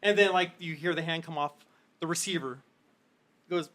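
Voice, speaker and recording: A woman narrating as game master of a tabletop game, animated and laughing along with the players. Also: low-pitched, a little fast, pauses often.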